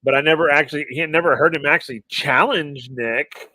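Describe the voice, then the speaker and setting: A man's voice: on the high side, a little fast, pushed and bright, no echo, poor audio. A man co-hosting a live podcast, giving laid-back, exasperated commentary on wrestling over a remote call mic. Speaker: podcast co-host. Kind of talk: casual wrestling recap chat. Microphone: remote live-stream call mic.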